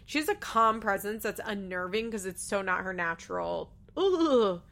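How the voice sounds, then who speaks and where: A woman's voice: medium pitch, steady tone, normal speed, creaky, bright, forceful tone. Chatty woman recapping a reality show. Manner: chatty, laughs often, acts out quotes. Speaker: podcast host. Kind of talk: casual TV episode recap.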